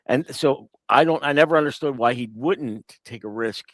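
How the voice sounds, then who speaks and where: A man appearing as a guest on a casual sports talk show, giving measured opinions with some restarts. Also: mid-range voice, no room sound.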